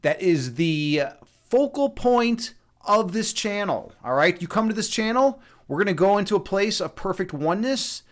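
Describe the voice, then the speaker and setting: In a high, sing-song voice at a moderate pace, a young man hosts a relaxed livestream and chats with viewers. He is a meditation instructor, and his talk rambles, jokes around, and turns absurd, with frequent fillers and restarts.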